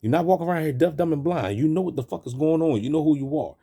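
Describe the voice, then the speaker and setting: Talking fast in a fairly high, warm, husky voice, a man hosts a video and rants over film clips in preachy street slang. He keeps repeating himself and stumbling into restarts.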